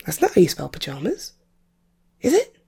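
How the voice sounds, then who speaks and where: A woman from North London with an English accent that has drifted from how she grew up, chatting in a rambling, self-deprecating way on a home recording setup; her voice sounds rough today. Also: on the low side, wildly swooping pitch, normal speed, warm tone. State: rough, off-colour voice. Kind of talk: casual chatty monologue.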